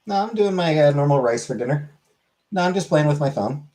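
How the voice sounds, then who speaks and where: A man's voice: a little high, animated, brisk, warm tone. A man streaming and answering his chat in a laid-back way, swearing casually.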